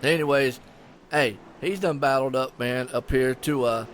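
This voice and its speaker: A man's voice: mid-range voice, a little slow, a little hiss or hum. A man with a Southern US accent giving live commentary on an online sim race in a folksy, chatty way. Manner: folksy, chatty, lots of "I tell you what" and "y'all".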